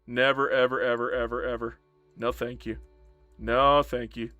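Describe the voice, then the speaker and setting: A man's voice: medium pitch, little pitch movement, normal speed, sharp tone, no room sound, dull audio, soft background music. A man streaming a strategy game live, chatting casually to himself and his viewers, swearing and joking as he plays. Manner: chatty, talks to himself and chat, swears and jokes. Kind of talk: live gameplay commentary.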